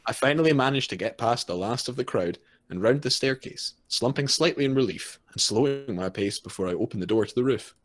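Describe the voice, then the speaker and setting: A man's voice: mid-range voice, expressive, a little fast. A man reading a visual novel's narration aloud during a let's play, joking and swearing between passages. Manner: jokey, swears freely, breaks into laughter. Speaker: let's play co-host reading the game text. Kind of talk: reading game narration aloud with casual banter.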